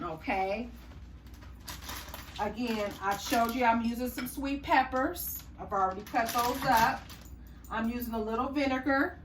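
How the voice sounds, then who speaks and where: Woman host, folksy chatty manner, slightly high voice, mic set back in a kitchen with faint noise. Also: fairly bright tone, reverberant, far from the mic. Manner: chatty, folksy, says y'all and honey. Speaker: cooking channel host. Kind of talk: casual cooking tutorial.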